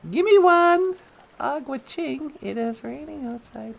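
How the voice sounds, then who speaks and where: A woman's voice: sits high, lively intonation, slow, gravelly, a little hiss or hum. A woman hosting a comedic talk show, easygoing and playful, taking her time. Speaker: host.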